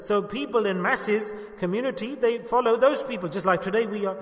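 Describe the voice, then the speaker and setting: A man delivers an impassioned sermon. His voice sits high and rises and falls as he acts out the voices of the people he quotes. The sound rings with the long reverb of a large hall. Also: fairly quick, hardly any pauses. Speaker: preacher.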